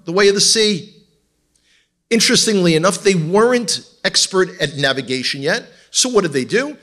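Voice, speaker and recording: A man with an Israeli accent teaches from slides in front of a congregation. His voice sits fairly high for a man. He keeps the talk light with wry jokes and teasing asides to the audience. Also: fairly bright tone. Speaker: tour guide and guest speaker.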